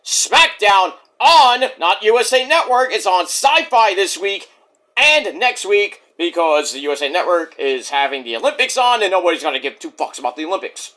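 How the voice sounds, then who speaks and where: A man's voice: high voice, sing-song, normal speed, sharp tone. A man casually reviewing a wrestling show in a rambling, jokey, profane way.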